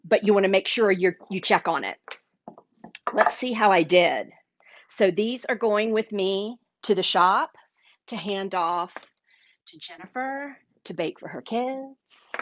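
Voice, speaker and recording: A woman with a fairly low voice hosts a casual live cooking show, chatty and upbeat, occasionally talking with her mouth full as she samples the food. The dull, lo-fi livestream audio carries no room sound.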